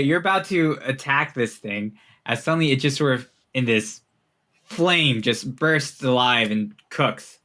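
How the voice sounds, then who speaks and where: A man's voice: medium pitch, pushed and bright. A young man narrating as game master in a casual, laughing way, with many fillers.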